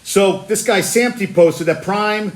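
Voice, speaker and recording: A man hosting a casual sports talk show, animated, laughing often and stammering through restarts. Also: sits high, unhurried, echoey room, rough recording. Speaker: podcast host.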